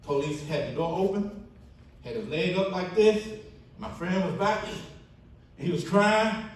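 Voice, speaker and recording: A man's voice: high voice, moderate pace, far from the mic. Storytelling man in an echoey hall. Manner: storytelling, acts out quoted friends in animated bursts. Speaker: keynote speaker. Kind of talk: testimony speech at a banquet. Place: church banquet hall.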